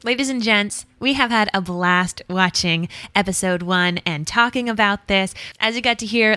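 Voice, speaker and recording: A woman's voice: medium pitch, moderate pace, few pauses, pushed and bright, soft background music. A woman co-hosting a podcast, upbeat as she signs off the episode and asks listeners for feedback. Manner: upbeat, promotional sign-off. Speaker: podcast co-host. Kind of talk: casual podcast chat.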